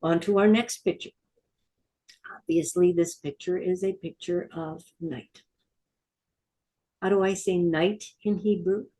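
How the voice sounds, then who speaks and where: Slow, patient woman teaching Hebrew words. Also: lowish voice, steady tone, warm tone. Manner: patient, repeats each word slowly for learners. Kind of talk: vocabulary lesson with call-and-repeat drills.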